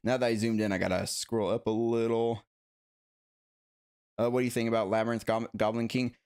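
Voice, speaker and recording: A man hosting a casual live stream about collectible figures, reading viewer comments aloud and rambling excitedly, with many fillers and self-corrections. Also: fairly low pitch. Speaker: collectibles channel host.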